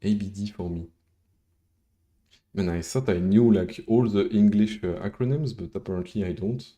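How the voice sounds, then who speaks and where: With a lowish, mellow voice at normal speed, a man whose first language is French rambles through a live coding session. He swears casually now and then and talks with his viewers between code steps.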